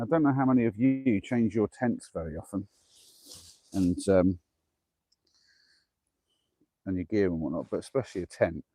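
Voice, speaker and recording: A man's voice: lowish voice, mellow, no echo. A man live-streaming a camping vlog outdoors at night, chatty and self-deprecating, talking through each task and huffing from the effort. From England. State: huffing from exertion. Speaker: camping vlogger.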